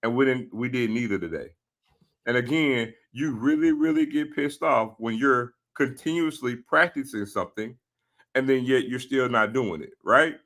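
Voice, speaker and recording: A man co-hosting a casual sports talk show, breaking in calmly and methodically to add context. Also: medium pitch. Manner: measured, jumps in to add context.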